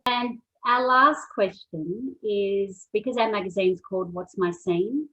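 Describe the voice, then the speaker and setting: Slow, breathy woman interviewer. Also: medium pitch, a bit bright, dull audio. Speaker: magazine interviewer. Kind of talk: interview questions.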